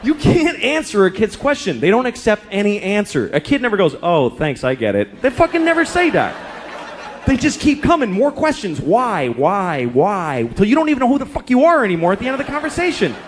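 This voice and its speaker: A man's voice: big pitch swings, fast talker. A middle-aged man doing a stand-up comedy set, telling stories in a wry, profane way, recorded live in a large theater. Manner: wry, profane storytelling with big pitch swings. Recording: live hall with audience and background noise.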